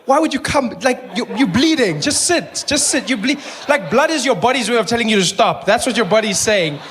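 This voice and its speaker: High-voiced South African comedian on stage. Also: male voice, fairly quick, slight background noise. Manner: animated, jumps into voices, laughing asides. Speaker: stand-up comedian. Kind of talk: stand-up comedy. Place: comedy stage before a live audience.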